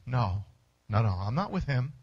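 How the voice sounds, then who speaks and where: A man's voice: mid-range voice, big pitch swings, normal speed, darkish tone, breathy edge, no room sound, lo-fi sound, voice pushed down. A man preacher voicing a boastful, loyal male disciple who talks with earnest self-assurance. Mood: denying.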